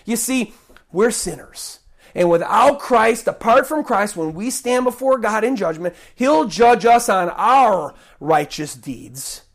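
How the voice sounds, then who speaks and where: A male pastor preaching a sermon, swinging between loud bursts and quiet asides. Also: sits high, expressive, slow.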